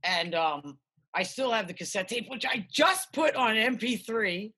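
Bright, husky-voiced rambling American woman. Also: medium pitch, a little slow. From United States. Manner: rambling, profane, animated storytelling. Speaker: interview guest, musician. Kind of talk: casual interview chat.

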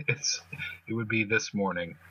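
A man's voice: on the low side, fairly even intonation, slow pace, highs cut off, noisy background. A man casually describing his characters' actions in a tabletop role-playing game, rambling and swearing a little. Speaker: player. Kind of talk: tabletop role-play narration.

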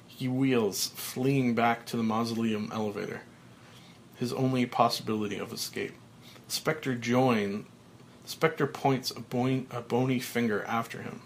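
Male script reader, measured and low-key, mid-pitched. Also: fairly even intonation, vocal fry, slight background noise. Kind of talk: reading a film script aloud.

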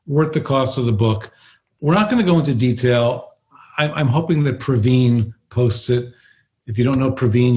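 A man co-hosting a podcast, speaking in a measured, emphatic way. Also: medium pitch, a little mellow, lo-fi sound. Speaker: podcast co-host. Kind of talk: podcast conversation.

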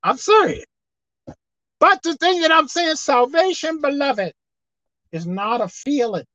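A woman preacher delivering a sermon, swinging between loud emphatic outbursts and quiet asides. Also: high voice, lively intonation, measured pace, no room sound. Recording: dull lo-fi dry sound.

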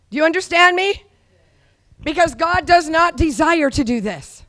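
A middle-aged woman preaches with a high, ringing voice, urging her listeners to repeat her words. She swings from quiet asides to fervent shouting. The sound is close and dry. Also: normal speed, no room sound. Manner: exhorting, call-and-response with the audience, rising to shouts. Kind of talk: charismatic sermon.

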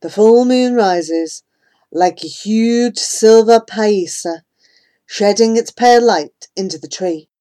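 Slow, gentle female audiobook narrator. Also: mid-range voice. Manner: gentle, measured. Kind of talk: first-person storybook narration.

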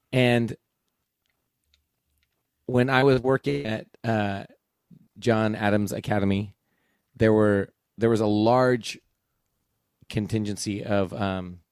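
Man, thirties, casual podcast chat, animated storyteller, dry close sound. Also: clear, resonant tone, no room sound. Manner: animated storyteller, jumps high when quoting others. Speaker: podcast co-host.

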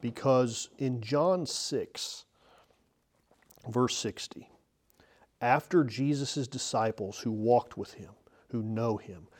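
A male pastor delivering an expository sermon from the pulpit, earnest and emphatic, moving between loud and soft. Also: mid-range voice. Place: church, speaking from the pulpit.

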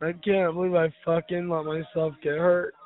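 A drunk man calling in, whining and cursing loudly about being wronged. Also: fairly high pitch, little pitch movement, moderate pace. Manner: slurred, self-pitying, cursing and shouting. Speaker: caller. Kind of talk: angry phone rant. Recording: tinny phone line.

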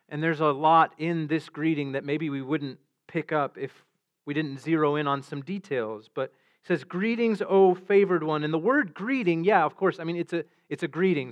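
A man preaching a sermon as pastor, earnest, often repeating words as he restarts. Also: fairly high pitch. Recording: dull lo-fi sound.

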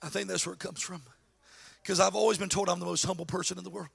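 Gravelly, bright-voiced preaching man. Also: high voice, level tone, fast. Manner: preaching with shouted, sing-song emphasis. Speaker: pastor. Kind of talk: sermon.

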